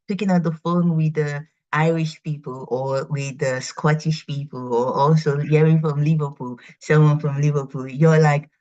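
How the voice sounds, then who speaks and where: A woman from Nigeria, hosting a workshop in a lively, chatty interview manner and asking her guest questions. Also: deep voice, moderate pace, few pauses. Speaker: workshop host. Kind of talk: conversational interview. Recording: slightly dull, muffled audio.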